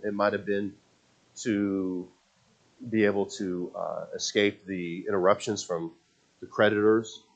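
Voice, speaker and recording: Animated male preacher telling a story. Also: on the low side, dull audio. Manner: animated storytelling, acting out the characters' words; repeats words and restarts when excited. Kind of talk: sermon.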